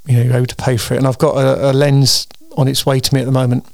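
A man's voice: medium pitch, little pitch movement, very fast, vocal fry, a little mellow, no room sound. A tired man hosting his weekly solo show, chatting in a meandering way with frequent ums and restarts. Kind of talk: casual rambling monologue.

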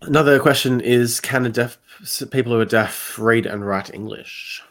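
A host runs a live online class, pausing and restarting as they read out the audience's questions. The voice has a medium pitch, and the delivery is informal. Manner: reads out audience questions, with hesitant fillers.

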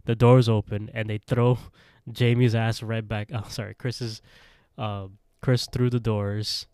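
A man's voice: lowish voice, flat delivery, measured pace, darkish tone, clear, resonant tone, no echo, clean studio sound. A man co-hosting a podcast, casually recapping an episode in a rambling way. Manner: rambling retelling with quoted voices and laughs. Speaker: podcast co-host.

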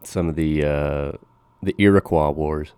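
Male co-host, very low voice, dry close sound; loose, sweary banter. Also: steady tone, mellow, clean tone, dry recording. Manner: profane, joking, quick history asides with silly voices. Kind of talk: casual chat.

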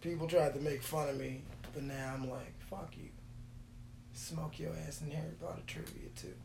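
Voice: mid-range voice, fairly even intonation, brisk, vocal fry. A vlogger telling rambling stories in a casual, profane, jokey way and laughing often between lines. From Texas. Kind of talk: casual rambling storytelling monologue. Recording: echoey room with faint hum.

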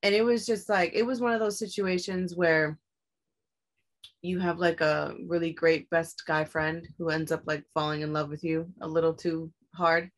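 A woman's voice: level tone, moderate pace. Blunt, profane young woman telling a story. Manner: candid and profane, acts out her own quoted lines with sharp rises in pitch. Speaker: guest telling her story. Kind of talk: casual storytelling in conversation.

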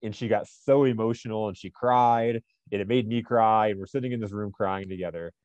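A man's voice: fairly low pitch, fairly even intonation, a little fast, darkish tone, no echo, dull audio. A man co-hosting a podcast, chatting casually and telling stories in an earnest, motivational way. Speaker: podcast co-host.

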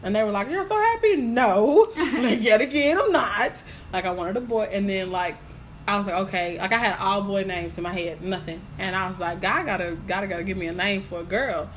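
A woman's voice: mid-range voice, quick pace, slight background noise. A young woman talking as a guest, telling her story animatedly and acting out what people said. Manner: animated storytelling, acts out quotes. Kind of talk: casual chat.

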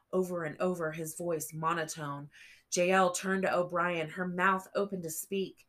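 A woman reading a novel aloud as an audiobook narrator, slow and measured. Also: on the low side, flat delivery, a bit bright. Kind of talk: scripted narration.

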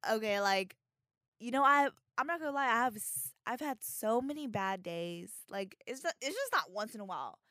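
Young woman, podcast co-host, casual chat, lots of swearing, fairly high voice, dry close sound. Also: moderate pace, no room sound. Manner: profane, animated, laughing often.

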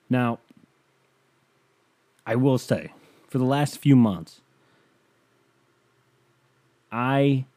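A man hosts his own podcast from a bedroom at home and turns a sponsor read into a stand-up bit. He jokes crudely and pushes hyped-up salesman patter. His voice sits at an ordinary pitch with a warm, darker tone. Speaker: podcast host. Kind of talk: comedic ad read.

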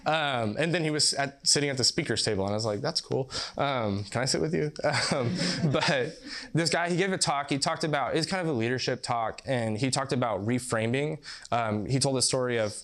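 A young man giving a sermon, talking loosely and conversationally as though chatting with friends. His voice sits at an ordinary middle pitch, and he keeps dropping in filler words and quick asides. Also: fairly bright tone. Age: young adult. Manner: casual, rambling, laughs often, says "like" and "you know". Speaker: pastor.

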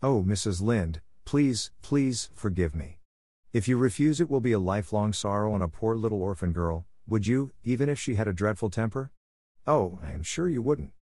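A man's voice: lowish voice, animated, normal speed, a little mellow, dry recording, studio quality. A man voicing an imaginative, dramatic young orphan girl who pleads earnestly and theatrically. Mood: pleading. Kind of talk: audiobook character reading.

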